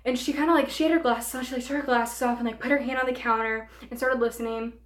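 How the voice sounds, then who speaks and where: A woman's voice: a little high, fast. Young woman telling a storytime, echoey room. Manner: animated, filler-heavy retelling. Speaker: vlogger. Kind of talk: storytime vlog. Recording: roomy room echo.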